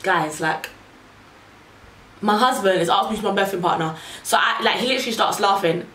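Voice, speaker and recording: A young woman vlogger casually telling a story, animated and chatty, leaning on "like" and "literally". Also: medium pitch, brisk. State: pregnant. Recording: roomy, distant mic, faint hiss.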